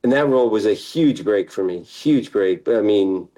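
A man's voice: on the low side, lively intonation, moderate pace, mellow, rough recording. Easygoing man chatting as an interview guest. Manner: easygoing, laughs often, trails off mid-sentence. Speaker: actor guest. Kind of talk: casual interview chat.

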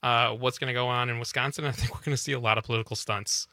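Bright-voiced male radio co-host. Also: medium pitch, fairly even intonation, racing, dry recording, studio quality. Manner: chatty, explanatory, upbeat. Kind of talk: casual political talk radio. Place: radio studio.

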